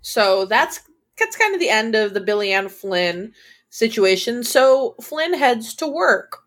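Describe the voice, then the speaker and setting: A woman's voice: fairly high pitch, a bit bright. A woman co-hosting a casual TV recap podcast, retelling scenes through quoted dialogue and swearing casually. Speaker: co-host.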